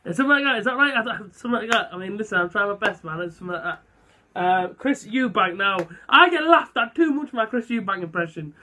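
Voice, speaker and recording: A young man chatting casually to camera, rambling and self-deprecating with lots of fillers. His voice is high and bright. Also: animated, fast. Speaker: vlogger. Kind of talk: casual vlog chat.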